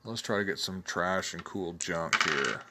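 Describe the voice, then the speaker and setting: A man's voice: deep voice, expressive, a little slow, heavy background noise. A man casually hosting a solo talk show, reading tabletop game tables aloud, chatty and laughing at his own jokes. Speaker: host reviewing tabletop game blogs.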